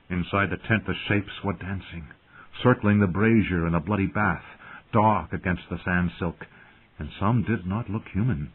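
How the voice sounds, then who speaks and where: A man reading a fantasy audiobook in a dramatic, lively narrating style over tinny phone-like audio. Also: deep voice, moderate pace, breathy edge.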